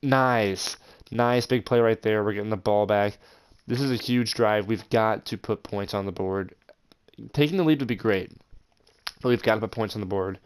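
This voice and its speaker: A young man hosting his gaming channel, commenting over football video game footage in an excitable way with frustrated outbursts. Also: fairly low pitch, moderate pace, clear, resonant tone. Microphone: voice-over over gameplay.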